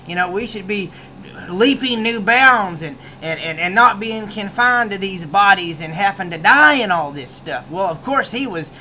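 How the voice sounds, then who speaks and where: A man's voice: sits high, lively intonation, moderate pace, bright, forceful tone, slight background noise. A man with a rural American accent giving a casual book review, rambling with many restarts.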